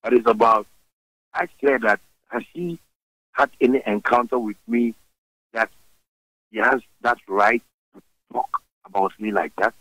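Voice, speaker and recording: A man with a Ghanaian English accent, a guest in a radio interview, talking in a forceful, animated way and switching languages mid-sentence. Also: medium pitch, measured pace, pauses often, no echo, low-quality recording.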